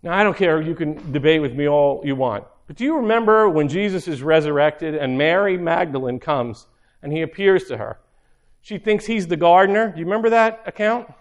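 A man preaching a sermon, earnest, putting rhetorical questions to his listeners and slowing down to stress key lines. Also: fairly high pitch, animated.

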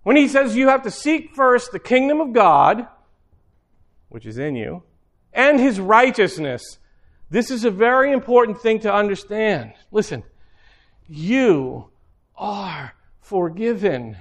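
A man preaching a sermon in a loose, conversational way, with quick asides and repeated phrases. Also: sits high, animated.

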